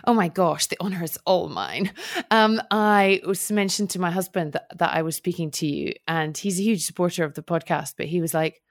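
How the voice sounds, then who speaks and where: A middle-aged woman hosts a casual podcast interview, gushing, enthusiastic and chatty. Her voice is fairly low and her pace fairly quick.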